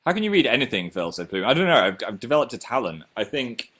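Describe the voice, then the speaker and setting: A man's voice: mid-range voice, sing-song, quick pace, fairly bright tone. A young man with a Northern English accent, casually chatting on his own livestream and reading out viewer comments in a chatty, self-mocking way. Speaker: livestream host.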